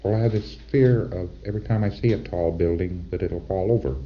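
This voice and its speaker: A hesitant, uneasy male client, as a lecturer puts him on, speaks in a lower, subdued voice, halting and going over his own words. The sound is dull and lo-fi, like an old reel-to-reel lecture tape. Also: close to an everyday voice. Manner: halting, tentative, repeats himself.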